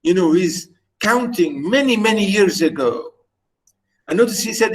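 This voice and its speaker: A man's voice: sits high, expressive, moderate pace, low-quality recording. A man teaching a poetry lesson, reciting verses dramatically with repeated phrases, then explaining them with many fillers and repetitions. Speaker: literature teacher.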